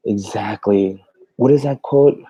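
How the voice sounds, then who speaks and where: This livestream clip features a man whose mellow, slightly rough voice sits fairly low and moves a little slowly, captured lo-fi with no room sound. A mobile dog groomer, he reads viewer comments and chats casually. He rambles, laughs often, and keeps restarting with plenty of fillers.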